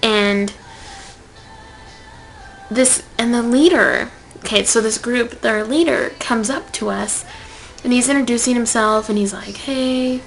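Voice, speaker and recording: A young woman telling a personal story to camera in a casual vlog, swinging from loud outbursts to whispered asides. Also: on the high side, steady tone, a little slow, vocal fry, pauses often, faint music behind, rough recording. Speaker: vlogger.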